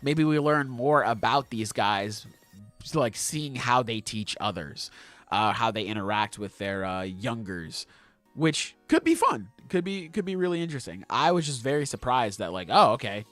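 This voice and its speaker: A man hosts a casual podcast, his voice sitting at an everyday middle pitch. He gushes and swears freely, rambling with fillers as he works through his thoughts. The sound is dry and close. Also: lively intonation, normal speed, fairly bright tone, no room sound, faint music behind. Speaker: podcast host. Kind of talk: casual chat.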